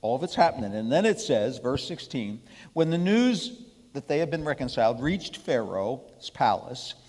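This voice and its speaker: A man's voice: mid-range voice, very animated, normal speed, a little mellow, long reverb tail. A man leading a Bible study before a congregation, emphatic and repeatedly checking in with "okay?". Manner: emphatic, keeps asking the room "okay?". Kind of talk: sermon-style Bible study. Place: church hall with an audience, live streamed.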